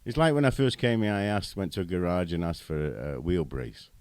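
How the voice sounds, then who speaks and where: A British man speaks in a deep, low voice as a podcast guest. He tells chatty stories and chuckles at them. The sound is dry and close. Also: very animated, a little fast, darkish tone, no room sound. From Britain. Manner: chatty storyteller, chuckles at own anecdotes. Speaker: guest, runs animal bylaw service. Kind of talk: casual podcast chat.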